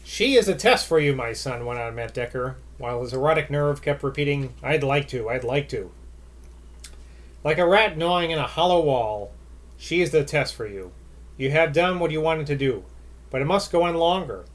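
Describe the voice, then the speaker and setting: A man with a slightly high voice reads an old novel aloud, building the dramatic lines with rising emphasis. Between passages he drops into wry, offhand asides to his listeners. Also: moderate pace. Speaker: audiobook reader.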